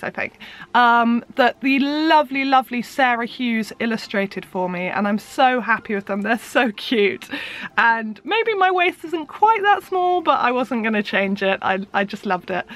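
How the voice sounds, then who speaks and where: A young woman speaks to camera in a casual vlog, her voice sitting a little high. She is bubbly and excitable, chatting freely with plenty of fillers as she explains her project. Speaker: vlogger and musician.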